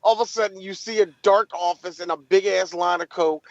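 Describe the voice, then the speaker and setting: A man with a high, gravelly voice co-hosts a podcast, riffing rowdily and cursing freely. The sound is dry and a little dull, like a lo-fi home mic. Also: fairly even intonation, fairly quick, dry recording. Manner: rowdy, profane riffing with acted-out bits. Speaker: podcast co-host. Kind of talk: casual podcast banter.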